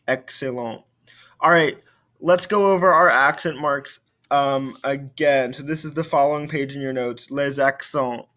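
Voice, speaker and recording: A man's voice: mid-range voice, measured pace, bright, forceful tone. A male French teacher giving a recorded video lesson, explaining patiently and repeating key points.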